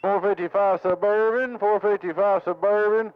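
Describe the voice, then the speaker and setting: A man's voice: high voice, steady tone, moderate pace, clear, resonant tone, dry recording, phone-quality sound. A man at his home radio station, chatting on CB and repeating call signs and handles in radio lingo. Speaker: CB radio operator.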